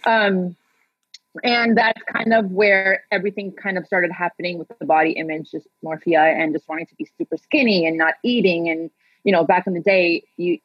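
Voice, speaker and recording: A woman in her thirties with a husky, breathy voice, talking freely as an interview guest and recounting her past in a loose, chatty manner full of fillers. The sound is dry and close, a little dull and lo-fi. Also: lowish voice, no room sound. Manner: chatty, laughs often, many fillers. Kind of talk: personal storytelling in conversation.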